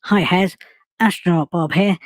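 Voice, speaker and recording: A man's voice: sits high, measured pace, music in the background, pitched below the performer's own voice. A man voicing a lonely male astronaut reporting from a spaceship in a cheerful radio-style manner. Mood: chipper report.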